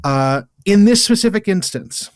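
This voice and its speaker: A man with an English accent, co-hosting a podcast in casual chat, blunt and quick to dismiss, swearing freely. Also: high-pitched, expressive, no room sound, studio quality. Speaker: podcast co-host.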